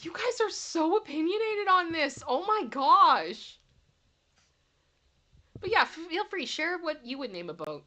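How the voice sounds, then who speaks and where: High, bright Canadian woman chatting. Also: very animated, measured pace, long pauses. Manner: chatty, giggly, reads viewer comments aloud. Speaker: livestream host. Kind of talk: casual live-chat reading.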